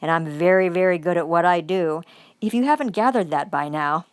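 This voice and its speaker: A woman's voice: on the low side, a little fast, clean tone, dry recording, studio quality. A woman giving an angry, profane vlog monologue, repeating phrases for emphasis.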